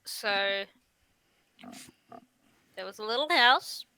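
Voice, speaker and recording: A woman's voice: medium pitch, slow, sharp tone, smooth, no echo. A woman playing in a casual tabletop role-playing game, who explains and insists on her points. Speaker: player.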